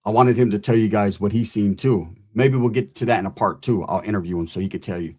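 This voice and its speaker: A man casually telling a scary camping story, animated and profane, full of street slang and a constant "right?". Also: lowish voice, fast talker. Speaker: podcast host telling a story.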